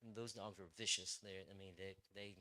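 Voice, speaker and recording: A man's voice: on the low side, level tone, brisk, pushed and bright. A young man, a police officer, speaking as a guest to a church group in a rambling, casual way with many fillers and restarts.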